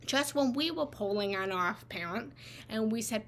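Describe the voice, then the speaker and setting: A woman's voice: a little high, animated, moderate pace, noisy background. A woman giving a live spiritual talk as a meditation teacher. She speaks conversationally and keeps checking in with "right?". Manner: conversational, tags lines with "right?". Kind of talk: live guided talk on feelings.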